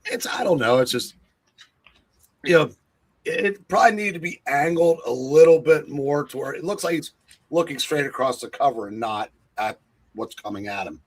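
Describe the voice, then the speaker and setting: A man's voice: fairly high pitch, lively intonation, moderate pace. A man co-hosting a casual chat, giving his opinions in a hesitant way. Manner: hesitant, with fillers and restarts. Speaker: co-host and guest.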